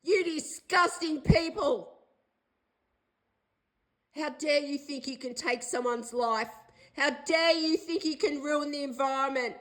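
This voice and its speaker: A woman's voice: high voice, slow pace, long pauses, low-quality recording. An older Australian woman in a distressed direct-to-camera video, pleading and accusing in an agitated way and repeating herself. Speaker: vlogger.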